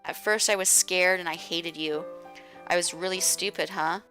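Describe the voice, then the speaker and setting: Woman doing obsessive young girl in love, clingy, pleading, lowish pitch. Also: steady tone, normal speed, bright, forceful tone, soft background music. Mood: adoring.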